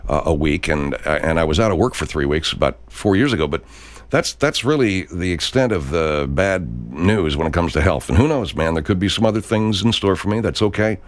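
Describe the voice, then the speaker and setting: A man's voice: low voice, animated, a little fast, dry recording. Profane rambling man in his sixties. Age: 60s. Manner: profane, rambling, full of restarts. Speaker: podcast host. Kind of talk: casual rambling monologue.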